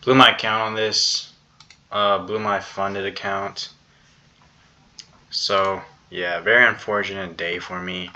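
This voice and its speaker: Low, bright-voiced young man rambling casually. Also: little pitch movement, slow pace, long pauses. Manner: rambling, casual, lots of fillers and slang. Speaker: day trader. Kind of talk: casual screen-recorded trade recap. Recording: slightly dull, faint background noise.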